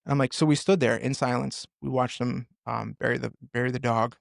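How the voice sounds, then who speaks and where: Earnest middle-aged man with gravelly voice. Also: mid-range voice, steady tone, dry recording, studio quality. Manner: earnest, halting, with many restarts. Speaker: podcast guest, firefighter and author. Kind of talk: storytelling in a conversation.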